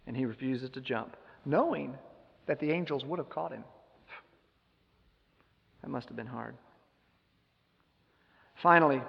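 A man's voice: mid-range voice, creaky, in a large hall, dull audio. A man giving a sermon, retelling a scripture story with emphatic rhetorical questions. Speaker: preacher.

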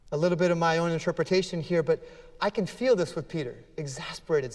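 A man's voice: a little high, fast, in a large hall. A man preaching a sermon as pastor, earnest and emphatic, acting out scripture dialogue with feeling.

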